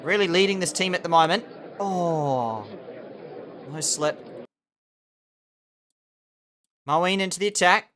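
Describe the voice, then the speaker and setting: Excitable man commentating a game. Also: high voice, slow pace, pauses often, a faint crowd. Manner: excitable, animated play-by-play with outbursts of indignation. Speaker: gaming channel host. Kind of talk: commentary over a cricket management game.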